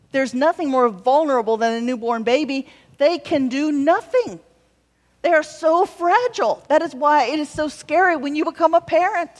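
A woman with a fairly high voice preaches a sermon, easy and conversational, dropping wry jokes between her points. Her voice rings out with a long reverb, as if she were in a large hall. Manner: warm conversational preaching with wry humorous asides. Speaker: pastor.

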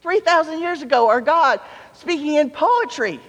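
A man's voice: very high voice, expressive, moderate pace, fairly bright tone. A man preaching a sermon in a conversational way, mixing playful asides with scripture read aloud. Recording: long reverb of a large hall.

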